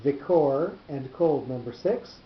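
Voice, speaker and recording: A man teaching a small class, explaining a text in a measured, halting way and often repeating words as he thinks. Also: on the high side, lively intonation. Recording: roomy, dull lo-fi class recording with faint noise.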